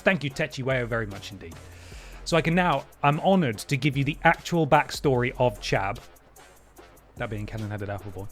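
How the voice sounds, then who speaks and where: A man hosting a game livestream, chatting wryly and thanking viewers. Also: medium pitch. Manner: chatty and wry, with playful voice jumps. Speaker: livestream host. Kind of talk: casual stream chat, thanking viewers.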